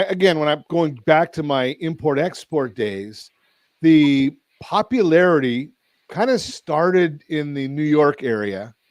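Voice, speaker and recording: This radio host's voice sits on the high side with a darkish tone, captured in a dry recording. Chatting casually on air, he rambles, keeps correcting himself and trades jokes with his guest.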